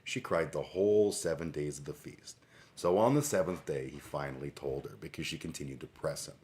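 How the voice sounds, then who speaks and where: Deep voiced guy on a livestream, reading bible stuff and snarking about it, rambly. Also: brisk, a little mellow. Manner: sarcastic, irreverent, rambling. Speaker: livestream host. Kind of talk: casual commentary reading scripture aloud.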